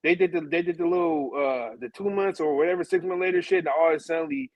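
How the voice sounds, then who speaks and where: A man calling in to a live show, talking in an excited, rambling, slangy way. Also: high voice, fast, creaky, muffled recording. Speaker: caller. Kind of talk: casual call-in chat.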